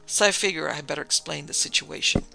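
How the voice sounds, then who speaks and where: A man's voice: fairly high pitch, quick pace, gravelly, bright, forceful tone, soft background music, heavily acted. A man voicing a lovestruck dead man who blurts things out eagerly, in a storybook reading.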